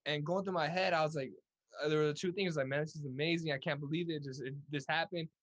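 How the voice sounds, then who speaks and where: A young man from California's Central Valley talks fast and eagerly as an interview guest. His voice sits a little high, and he tumbles through restarts as he tells his stories. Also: steady tone, fairly bright tone. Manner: fast, upbeat, many restarts. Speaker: guest, Olympic boxer. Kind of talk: casual interview storytelling.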